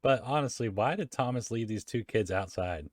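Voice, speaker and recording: A young man talks through a comic book in a relaxed, chatty way, breaking into laughter and quick impressions of the characters. His voice sits a little low, and the sound is dry and close. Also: no echo. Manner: laughs often, acts out characters' lines loosely. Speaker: comic reader and podcast host. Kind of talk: casual chat, reading comics aloud.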